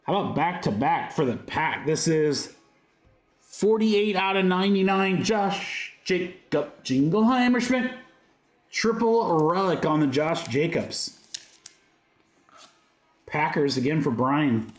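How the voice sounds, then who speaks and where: Upbeat guy calling out cards on a break stream, highish voice, echoey room. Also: unhurried, long pauses, soft background music. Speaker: host of a card-break livestream. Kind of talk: live card-break commentary. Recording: roomy echo.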